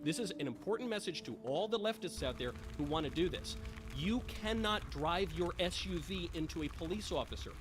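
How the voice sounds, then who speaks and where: A man's voice: sits high, animated, fairly quick, music in the background. A man giving argumentative political commentary in a lecturing way, heard in a played clip.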